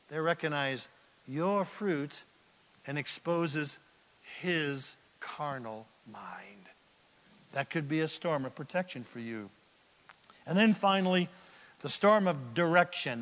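A man preaching with a high, bright, ringing voice. He swings from loud cries to hushed near-whispers as he makes his points. His words echo with the long reverb of a large hall. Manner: dramatic, swings from loud bursts to hushed asides. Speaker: pastor. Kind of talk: sermon.

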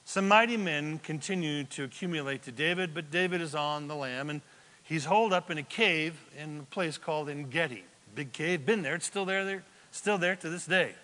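A male pastor preaching a sermon, telling the story with animated, joking asides. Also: fairly high pitch, moderate pace. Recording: long hall reverb.

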